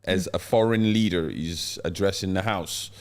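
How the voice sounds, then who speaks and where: A man's voice: deep voice, normal speed. A man hosting a live-stream podcast, talking casually and explaining the news to his co-host.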